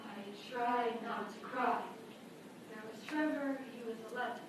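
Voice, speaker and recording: A woman performing a scared youngest child who haltingly tells of a family emergency, in a competitive speech performance. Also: on the high side, lightly acted. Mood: fearful. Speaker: forensics performer. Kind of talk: group interpretation performance. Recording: echoey video playback from far off with noise.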